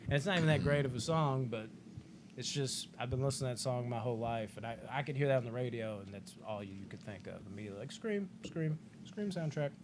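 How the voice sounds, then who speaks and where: A man co-hosting a casual movie podcast, rambling excitedly, swearing often and acting out movie lines. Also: mid-range voice, quick pace, background noise. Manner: rambling, excited, swears a lot, acts out quotes. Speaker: podcast co-host.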